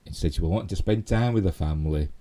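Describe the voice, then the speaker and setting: A middle-aged man with a Yorkshire accent chatting through a casual live stream, rambling with many fillers and asides, his voice a little hoarse. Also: sits low, quick pace, warm tone. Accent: Yorkshire English. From Yorkshire, England. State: slightly hoarse. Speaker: channel host.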